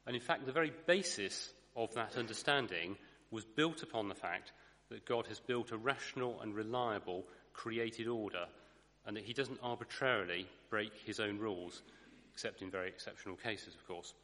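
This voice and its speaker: A man's voice: lowish voice, normal speed, pushed and bright, in a large hall. A man giving a sermon, thoughtful, with dry asides and the odd self-correction. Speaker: preacher.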